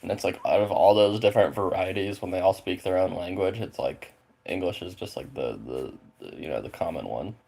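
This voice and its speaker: A man with a very low voice and plenty of gravelly fry at the bottom of it. He talks casually with his viewers in a loose, rambling way, leaning on filler words and tossing in swear words without a thought. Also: a little fast, mellow. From Spokane, Washington, USA. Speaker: streamer chatting with viewers. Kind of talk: casual chat.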